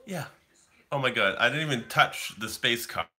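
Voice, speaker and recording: A man's voice: medium pitch, lively intonation, normal speed, sharp tone. A man in his thirties from Canada, rambling casually to his livestream viewers and answering the chat. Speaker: livestream host.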